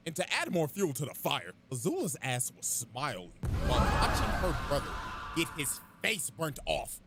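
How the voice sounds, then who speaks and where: A man's voice: a little high, very animated, moderate pace, creaky, heavy background noise. A young man hosting a reaction video, casually recapping a cartoon with comedic, profane storytelling.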